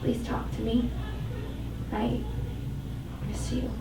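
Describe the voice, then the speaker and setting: A woman's voice: a little high, flat delivery, slow pace, noisy background. A woman voicing a remorseful young man, an archer, with a plain, pleading delivery, in a live reading. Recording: roomy live venue, mic at a distance.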